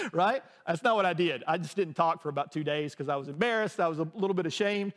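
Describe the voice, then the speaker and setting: A man's voice: fairly high pitch, quick pace, a bit bright, long reverb tail. A man preaching a sermon as a pastor, telling a personal story in a conversational way with frequent restarts.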